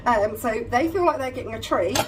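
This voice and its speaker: Chatty mum vlogging in a car. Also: female voice, a little high, expressive, fairly quick, noisy background. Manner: chatty and upbeat, addresses her kids mid-talk. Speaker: family vlogger. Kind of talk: casual vlog chat to camera. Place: inside a parked or moving car. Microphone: phone in a holder.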